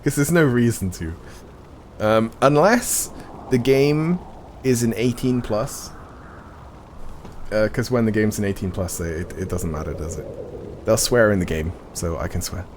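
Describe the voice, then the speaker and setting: A man's voice: fairly low pitch, unhurried, pauses often, slight background noise. A man streaming a game live, chatting casually in a rambling, self-correcting way into a streaming mic.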